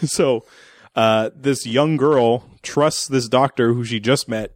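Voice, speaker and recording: A man's voice: medium pitch, slow pace, dry recording, clean studio sound. A man co-hosting a podcast, recapping a movie in casual chat, swearing, laughing and briefly acting out characters. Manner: profane, laughing, acts out characters in silly voices. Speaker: podcast co-host.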